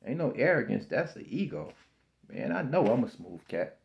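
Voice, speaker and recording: A man in his fifties giving a slow, repetitive, preachy spiritual monologue about self-belief, often calling the listener baby. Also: medium pitch, very animated, vocal fry, lo-fi sound.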